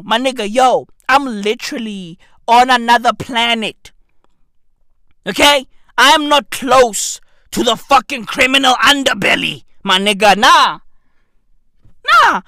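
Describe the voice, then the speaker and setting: A man, delivering a profane comedic rant that swings between shouting and muttering. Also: very high voice, no room sound, clean studio sound. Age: 30s.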